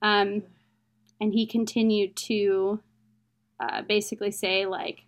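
A woman's voice: medium pitch, flat delivery, takes it slowly, pauses often. A young adult woman, an interview guest, telling a personal story in a candid, emotional, plain-spoken way.

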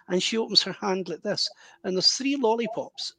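A middle-aged man, a medium telling an animated personal story in an interview. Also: high voice, fairly quick, dry recording. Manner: animated, vivid anecdotal storytelling with self-interruptions. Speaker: spiritual medium guest. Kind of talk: storytelling in conversation.

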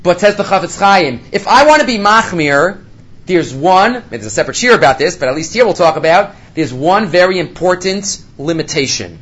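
A man's voice: high-pitched, expressive, moderate pace, fairly bright tone. A man teaching a Torah study class, asking rhetorical questions and answering them, with Hebrew study terms mixed into his English.

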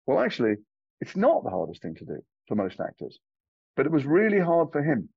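An English actor, a guest in an interview, tells stories animatedly and swears casually in an accent mixing Liverpool and London. His slightly high voice is gravelly and husky, swinging hugely in pitch at a brisk pace. The audio is dull with no echo.

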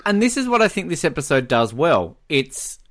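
A man co-hosting a podcast in casual chat, animated, often mimicking others in quick quotes. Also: a little high. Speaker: podcast co-host.

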